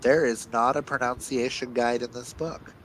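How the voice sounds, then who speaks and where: A man's voice: medium pitch, fairly even intonation, normal speed, slight background noise, low-quality recording. A man hosting a book club show, chatting casually and reading a synopsis aloud while playfully tripping over unfamiliar names.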